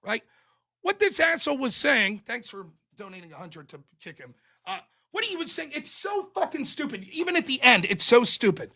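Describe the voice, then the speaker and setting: Streamer guy hosting a call-in, high bright voice, argues hard and swears a lot. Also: sing-song. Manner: combative, profane, rapid-fire questioning. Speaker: call-in show host. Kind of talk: heated political call-in debate and reading donations.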